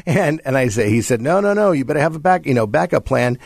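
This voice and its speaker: A husky, gravelly man speaks as a guest on a finance talk show, telling a story from his past. He leans into the quoted lines, raising his voice for the other people in the tale. The sound is dry and close, with no room around it. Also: mid-range voice, fast, no echo. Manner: animated anecdote telling, acting out quoted voices. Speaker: guest, bankruptcy attorney. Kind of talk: storytelling interview answer.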